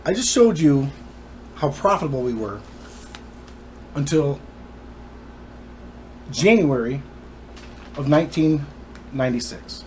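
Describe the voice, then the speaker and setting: A man's voice: on the high side, animated, takes it slowly, long pauses, a little mellow, slight background noise. A man telling his personal story to the camera in an emphatic, indignant way.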